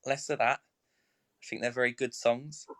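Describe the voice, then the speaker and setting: Young male guest, middle pitch, dry close sound, rambling chatty delivery. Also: steady tone, unhurried, a bit bright, no echo. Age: young adult. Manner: rambling, full of fillers and restarts. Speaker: snooker professional guest. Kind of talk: casual live chat.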